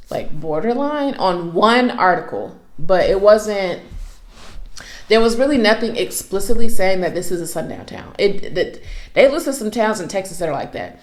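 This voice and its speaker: Woman vlogger with an echoey voice. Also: medium pitch. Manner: candid, conversational, with spiritual asides. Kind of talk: casual testimony storytelling. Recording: echoey room.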